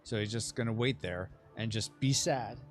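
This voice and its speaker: A man's voice: fairly low pitch, moderate pace, soft background music. A man hosting a casual board game playtest, chatting and checking the rules aloud. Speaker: game host.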